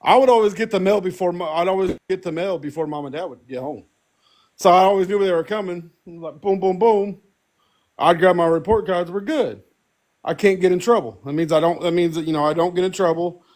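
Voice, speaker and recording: A man's voice: high-pitched, brisk, a little mellow. A young man co-hosting a casual podcast, animatedly telling a family story, acting out voices and laughing often. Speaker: podcast co-host.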